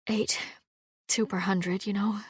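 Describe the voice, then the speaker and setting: A woman's voice: mid-range voice, little pitch movement, takes it slowly, no echo, clean studio sound. A woman whispering as a nervous housekeeper. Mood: whispered. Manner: breathy hushed whisper.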